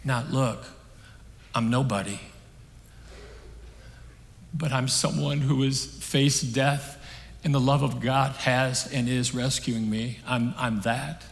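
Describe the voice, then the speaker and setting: A male preacher delivering a sermon from a stage, his voice sitting at an ordinary middle pitch. He talks in an earnest, conversational way, pressing hard on key points and then dropping almost to a hush. His words trail off into the long reverb of a large hall. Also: steady tone, takes it slowly, creaky, long pauses. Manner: earnest, conversational storytelling, swinging between emphatic and hushed.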